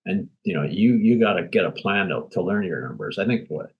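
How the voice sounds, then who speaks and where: A man's voice: low-pitched, lively intonation, fairly quick, muffled recording. A man speaking bluntly and emphatically as an interview guest, acting out little quoted exchanges. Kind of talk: candid interview talk.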